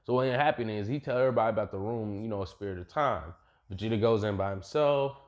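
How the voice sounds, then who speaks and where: A man's voice: on the low side, fast, lo-fi sound. A young adult man casually retelling a fan what-if story, rambling, profane and full of slang.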